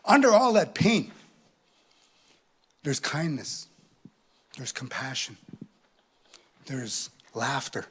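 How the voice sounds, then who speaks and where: A man doing stand-up storytelling at a live venue, animated, ending lines with a questioning "eh". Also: medium pitch, takes it slowly, long pauses, slight background noise. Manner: animated, tag questions with "eh", acts out laughs. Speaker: comedian.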